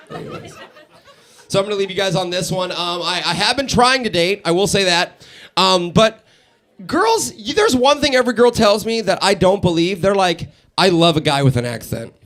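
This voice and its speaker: A man doing a stand-up set in a radio station's live studio, animated and laughing at his own jokes. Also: sits high, normal speed. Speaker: stand-up comedian.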